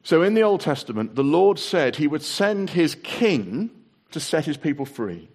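A man's voice: on the high side, very animated, moderate pace, a little mellow, breathy edge. Man preaching with rhetorical questions. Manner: asks repeated rhetorical questions; reads long passages aloud. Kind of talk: sermon.

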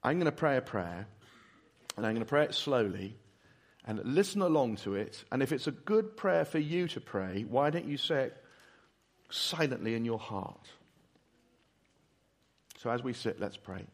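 Guy preaching a sermon, earnest, pleading, soft then emphatic, ordinary mid voice. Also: medium pitch, animated, moderate pace, long pauses. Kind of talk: sermon with prayer and Q&A.

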